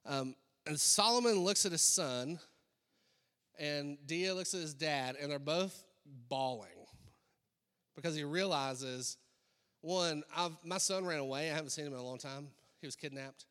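A male pastor delivers a sermon in a loose, conversational way, filling pauses with ums and uhs. His voice sits a little high for a man. Long reverb from a large hall trails each phrase. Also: fairly bright tone, smooth. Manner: conversational preaching with many fillers.

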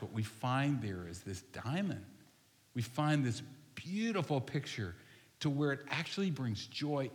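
Male pastor, casual folksy preaching style, medium pitch, church hall with long reverb. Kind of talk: sermon and closing prayer. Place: church sanctuary.

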